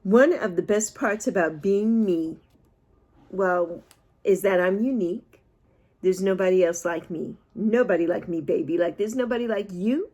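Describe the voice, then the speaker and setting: A woman's voice: mid-range voice, measured pace, mellow. Woman, sixties, unscripted vlog chat, emotional, rambling, self-mocking. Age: 60s. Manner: emotional, rambling, laughs at herself. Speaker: vlogger. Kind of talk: unscripted talk to camera.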